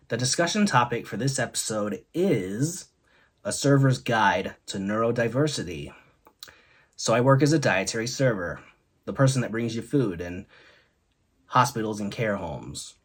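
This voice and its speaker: A man's voice: on the low side, lively intonation, a little slow, husky. A man hosting a comedy show, telling one joke after another in an upbeat way and leaning on the punchlines. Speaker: host.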